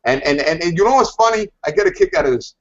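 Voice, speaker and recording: Brief: man on a video call pitching hard, high voice, repeats himself, muffled lo-fi sound. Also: very animated, quick pace. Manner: fired-up, repetitive, stammering restarts. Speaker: hangout participant. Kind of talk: enthusiastic sales pitch. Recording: dull lo-fi video call audio.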